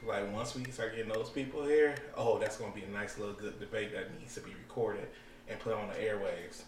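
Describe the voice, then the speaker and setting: Animated man telling stories, distant and roomy. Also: lowish voice, brisk, slight background noise. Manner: animated storyteller, acts out movie scenes. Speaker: podcast co-host. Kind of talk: casual chat.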